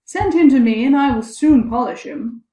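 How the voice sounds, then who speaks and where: A woman's voice: sits high, lively intonation, normal speed, mellow, pitched above the performer's own voice. A woman voicing a sly, boastful village sexton who speaks with confidence. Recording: echoey room.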